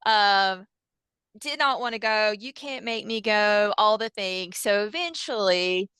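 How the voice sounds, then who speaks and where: A woman, a hypnosis practitioner telling session stories in a lively way, with many fillers and quoted dialogue. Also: medium pitch, a little slow, smooth, dry recording. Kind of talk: animated storytelling in casual chat.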